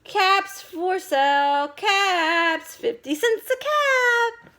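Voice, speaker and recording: A woman voicing a furious male cap peddler who scolds and shouts at monkeys in a read-aloud storybook. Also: extremely high pitch, lively intonation, very slow, voice pushed up, full character voice. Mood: calling out. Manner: scolding, shouting, finger-shaking. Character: angry male cap peddler, grown man.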